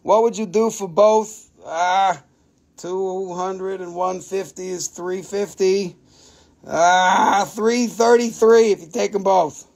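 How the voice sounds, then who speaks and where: A man hosts a casual live crystal sale, cracking jokes, swearing freely and haggling over prices. His voice sits high for a man, with a gravelly, creaky edge. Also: fairly even intonation, slow pace, darkish tone. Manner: joking, profane, haggling. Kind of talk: casual live sales stream.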